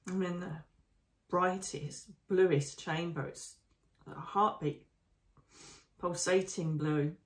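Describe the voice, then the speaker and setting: A woman, a psychic medium narrating her visions live in a hushed, emotional, often slow and breathy way. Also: on the low side, steady tone, echoey room. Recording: voice distant from the mic.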